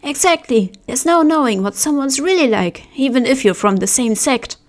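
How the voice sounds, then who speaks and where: A woman voicing angry villagers in an audiobook mob, shouting accusations in raised, high voices. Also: animated, normal speed. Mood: scornful.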